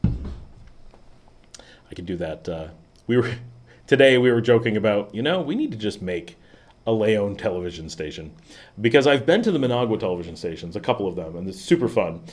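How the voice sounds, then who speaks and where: A man's voice: lowish voice, expressive, fast talker. A man hosting his own livestream, chatting casually and rambling, with many fillers and little laughs. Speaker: vlog host. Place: at home in the city.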